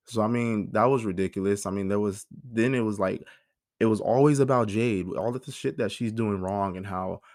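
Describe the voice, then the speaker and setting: A man's voice: lowish voice, no echo, studio quality. Blunt, profane man in his thirties. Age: 30s. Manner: emotional, profane, blunt storytelling with quoted dialogue. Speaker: podcast host. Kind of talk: personal storytelling monologue.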